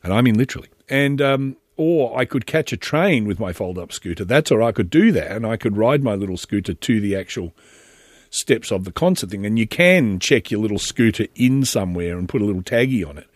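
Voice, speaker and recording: In a studio-quality recording with no room sound, an Australian man runs a casual solo monologue. His voice is lowish and a bit fast with lively intonation, and he rambles chattily, breaking off often to restart his sentences.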